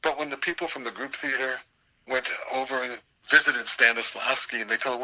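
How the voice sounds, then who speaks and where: An older man, a theater professor, telling anecdotes in an interview with an animated, storytelling manner. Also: mid-range voice, fast, poor audio. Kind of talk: storytelling interview over a call.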